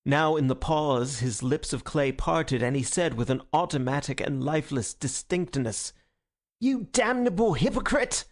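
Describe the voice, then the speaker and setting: A man narrating an audiobook in a measured storytelling manner. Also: mid-range voice. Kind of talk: scripted narration.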